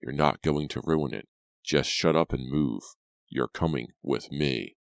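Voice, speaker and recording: A man voicing an angry, desperate young kidnapper in an audiobook, speaking low through clenched teeth. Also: a little slow, vocal fry, no room sound, clean studio sound, heavily acted. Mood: menacing.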